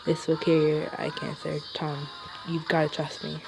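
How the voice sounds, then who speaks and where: A woman's voice: deep voice, completely flat delivery, normal speed, gravelly. Woman reading as a smug scheming young man. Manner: read aloud, with stumbles and restarts. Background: background music.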